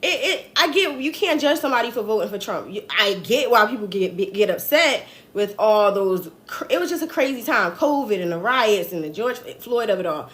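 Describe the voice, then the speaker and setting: A woman's voice: medium pitch, lively intonation, normal speed, few pauses. A young adult woman with a New Jersey accent, hosting a casual political commentary livestream in a chatty, slangy, rambling way. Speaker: host.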